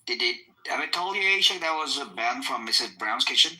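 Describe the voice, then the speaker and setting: A man in casual podcast chat, telling stories bluntly and profanely with halting restarts. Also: a little high, animated, sharp tone, rough recording.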